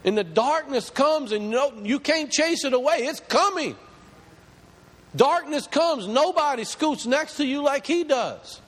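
A male pastor preaches with a high, strongly varied voice that climbs as he presses his points. His words ring out with a long reverb, as if in a large church hall. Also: lively intonation, unhurried. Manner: impassioned preaching, rising pitch as he builds. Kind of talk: sermon.

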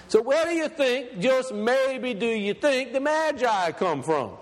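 High-voiced preacher in an echoey hall. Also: male voice, animated. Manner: emphatic, reads scripture slowly and deliberately. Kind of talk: sermon.

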